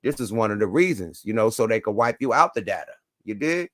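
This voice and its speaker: A man's voice: mid-range voice, lively intonation, moderate pace, few pauses, fairly bright tone, no room sound, clean studio sound. A man hosting a show, reacting to clips with loose, profane, emphatic commentary and catchphrases. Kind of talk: casual commentary.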